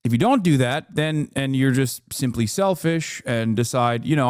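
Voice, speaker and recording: A man's voice: mid-range voice, animated, moderate pace, smooth, dry recording, clean studio sound. A man reacting to a video on a live stream, talking emphatically, swearing and pushing his voice up when riled.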